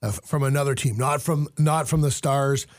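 A man's voice: medium pitch, fairly quick, no echo, clean studio sound. A man hosting a sports panel, asking the analysts questions and passing on stories. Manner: asks questions, relays stories. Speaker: host.

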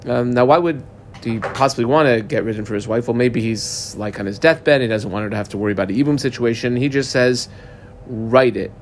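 A man's voice: mid-range voice, a little fast, a little hiss or hum. A man teaching a Talmud class, translating phrases and explaining them step by step in a casual way with many fillers.

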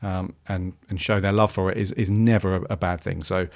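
A man's voice: sits low, level tone, fairly quick, gravelly. A man hosting a podcast, talking casually and rambling with many restarts and fillers. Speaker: podcast host.

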